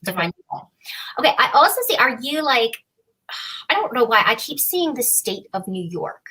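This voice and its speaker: Casting: woman psychic, bright and a bit high, chatty live reading. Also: big pitch swings, moderate pace, husky, rough recording. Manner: chatty, playful, warm reassurance. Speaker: psychic reader.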